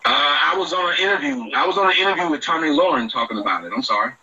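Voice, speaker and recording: A man's voice: on the high side, expressive, very fast, bright, forceful tone, muffled recording. A man arguing heatedly with a caller, defensive and agitated, talking over the other person. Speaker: internet show host being called out.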